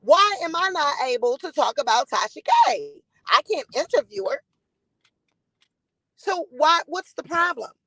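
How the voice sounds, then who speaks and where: A woman's voice: high-pitched, animated, a little slow, vocal fry, a bit bright, no room sound, low-quality recording. Blunt, defiant woman live-stream host. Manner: blunt, defiant, swears freely; greets chat viewers by name. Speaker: gossip commentary host.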